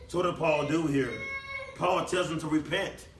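A man preaching a sermon in a church hall, emphatic, swinging between loud declamation and low quiet passages. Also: fairly even intonation, normal speed, gravelly, distant mic. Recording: echoey room, voice from off the mic.

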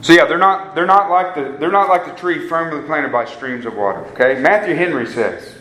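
A man's voice: medium pitch, moderate pace, few pauses, a bit bright, slight background noise. A man preaching a sermon to a live group in an earnest way, repeating phrases for emphasis and calling his listeners guys. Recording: echoey room with faint ambience.

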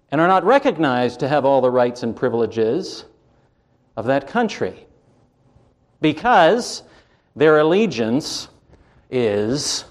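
A man from Canada preaching a sermon from the pulpit, slow and emphatic, with wide swings in pitch and loudness. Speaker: pastor.

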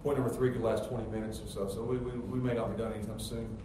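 A middle-aged pastor preaching a sermon with emphatic, rising rhetorical questions. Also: male voice, on the low side, level tone, fast talker, warm tone. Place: church sanctuary. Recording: very echoey church hall, distant mic, faint noise.

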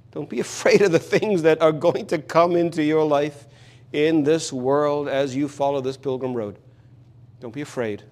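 Brief: male preacher, fairly high voice, earnest and emphatic, hammers home repeated lines. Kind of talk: expository sermon.

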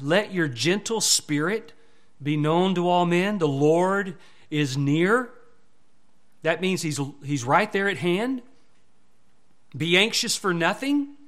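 A man's voice: high voice, lively intonation, slow, long pauses, fairly bright tone. A male pastor preaching a sermon with emphatic rises and falls, asking the congregation repeated questions.

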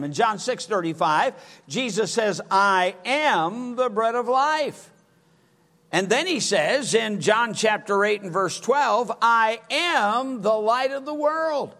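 High, lively preacher man, slow and bright. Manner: emphatic, drawn-out scripture reading. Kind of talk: sermon.

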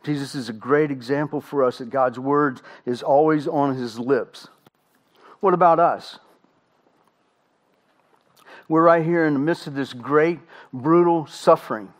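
A middle-aged pastor with a slightly high voice preaches a sermon with emphatic delivery. He uses slow, dramatic pauses and rhetorical questions.

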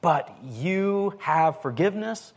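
Casual-talking male preacher, higher voice. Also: expressive, slow pace. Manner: casual, with frequent "like" and restarts. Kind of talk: conversational sermon.

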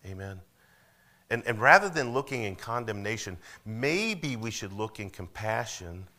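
Low, bright-toned preacher man. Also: animated, a little slow. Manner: repeats words and calls for amens, voice rising to near shouts. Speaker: pastor. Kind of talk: sermon.

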